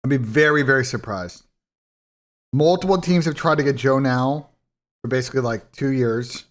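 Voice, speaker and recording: A man's voice: mid-range voice, moderate pace. A man hosting a live esports watch party in casual, blunt, profane talk that rambles and restarts. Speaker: esports streamer and commentator.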